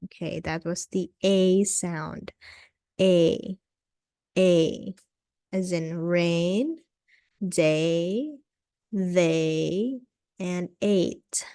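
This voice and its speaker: Slow, patient woman teaching vowel sounds. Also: on the low side, mellow, clear, resonant tone, dry recording, clean studio sound. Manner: patient, repeats sounds, frequent "okay". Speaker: English pronunciation teacher. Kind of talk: slow phonics lesson.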